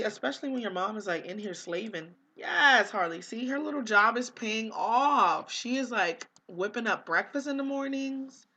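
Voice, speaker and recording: A woman's voice: on the high side, animated, moderate pace, few pauses, bright, forceful tone. A young woman casually commenting on her life-sim game, chatty and easily exasperated, with lots of fillers. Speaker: gaming vlogger.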